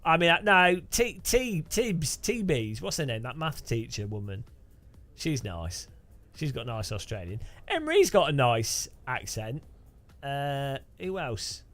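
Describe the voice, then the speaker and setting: A man's voice: mid-range voice, big pitch swings, a little slow, fairly bright tone, soft background music. A man casually chatting on a live stream, rambling with dry joking asides.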